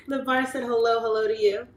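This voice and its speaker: A woman in her late thirties hosting a livestream, casually chatting and reading viewer comments aloud, laughing often. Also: a little high. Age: 30s. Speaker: livestream host. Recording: echoey room with faint ambient noise.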